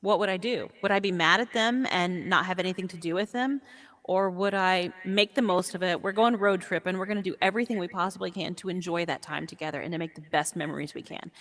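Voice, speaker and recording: A woman speaking as an interview guest in casual chat, warm and animated and quick to laugh. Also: lowish voice. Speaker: guest, VR sport caster. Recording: long echoey reverb.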